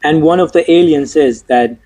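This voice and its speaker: A man's voice: fairly high pitch, moderate pace, warm tone, poor audio. A young man giving a casual, frustrated movie review, swearing often and stumbling over fillers and restarts.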